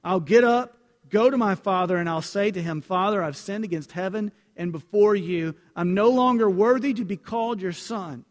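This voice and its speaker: A man's voice: sits high, moderate pace. A man preaching a sermon and reading scripture aloud, talking earnestly and directly to his congregation. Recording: long hall reverb.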